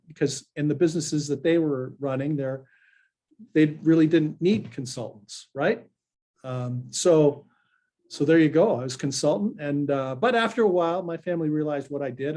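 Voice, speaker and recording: Animated storytelling man, slightly high. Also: fairly quick. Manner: animated anecdotal, frequent fillers. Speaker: pollster and guest. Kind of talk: casual storytelling chat.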